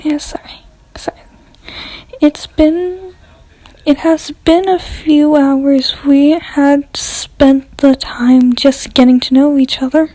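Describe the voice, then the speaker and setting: A woman's voice: high-pitched, steady tone, takes it slowly, warm tone, dry recording, poor audio. A young woman casually reading fan fiction aloud, giggling and breaking off to comment and apologize.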